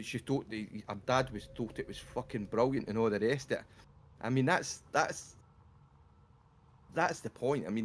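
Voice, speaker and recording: A man chatting on a game livestream, retelling comedy bits with lots of swearing and laughter. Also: on the low side. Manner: animated storyteller, swears freely, laughs while retelling jokes. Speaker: streamer. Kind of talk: casual chat over a game livestream.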